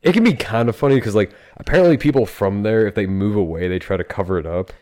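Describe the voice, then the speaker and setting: A man with a lowish voice co-hosts a podcast, chatting loosely and joking around. He laughs easily and keeps the talk light. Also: fast talker, a little mellow. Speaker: podcast co-host. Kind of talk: casual chat.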